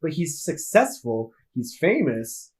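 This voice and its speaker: A man's voice: a little high, sing-song, takes it slowly, breathy edge. A man co-hosting a film podcast, chatty and nitpicking, often laughing as he talks. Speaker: podcast co-host. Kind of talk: casual film discussion.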